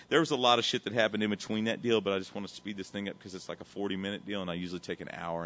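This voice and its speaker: A middle-aged man giving a profane, animated recovery testimony that swings between loud and quiet. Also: fairly low pitch. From Texas. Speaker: recovery speaker.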